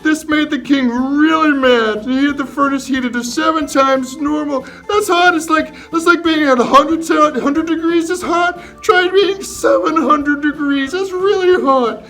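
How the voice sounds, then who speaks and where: A man playing the Bible hero Daniel as a cheerful storyteller for children, retelling his story with excited emphasis. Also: extremely high pitch, measured pace, few pauses, faint music behind, voice pushed up, heavily acted, low-quality recording.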